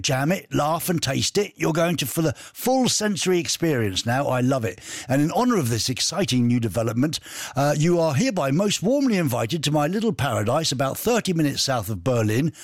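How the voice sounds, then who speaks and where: A man hosts a radio show, joking his way through listener messages and rambling anecdotes. His voice sits a little high and swings widely in pitch. The studio sound is dry and close. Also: no room sound. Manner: jokey, rambling, laughs at own stories. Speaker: radio host. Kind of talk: casual radio chat reading listener messages.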